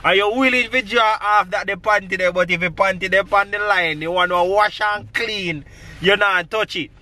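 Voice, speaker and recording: High bright man rambling. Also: fairly even intonation, moderate pace. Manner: rambling, laughing, patois storytelling. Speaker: family vlogger. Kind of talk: casual storytelling vlog. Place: outdoors by a road at night.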